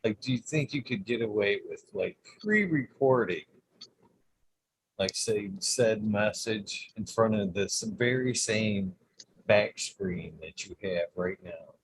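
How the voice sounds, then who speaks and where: A man's voice: lowish voice, takes it slowly, breathy edge, low-quality recording. A man hosting a casual podcast, mischievous and rambling through joke ideas. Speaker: podcast host. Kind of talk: casual chat.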